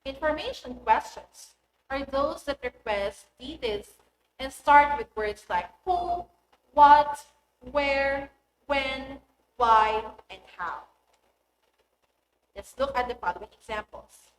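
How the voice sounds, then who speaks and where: A woman, a teacher giving a recorded English lesson in a clear, deliberate voice that stresses key words. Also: high-pitched, animated. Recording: echoey room with faint noise.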